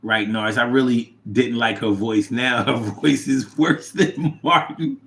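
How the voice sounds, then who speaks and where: A man hosting a casual livestream, reading viewer comments aloud and reacting with animated, chat. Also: slow. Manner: animated, drops to low mumble reading comments.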